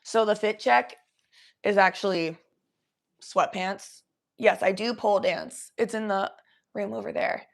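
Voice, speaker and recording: A young woman from the Cincinnati area talks loosely on a livestream, cursing freely and answering her chat as she goes. Her voice sits at a middling pitch with a gravelly fry running through it. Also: a little slow, pauses often. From Cincinnati area, USA. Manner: chatty, swears freely, reads chat aloud, slips into baby talk for pets.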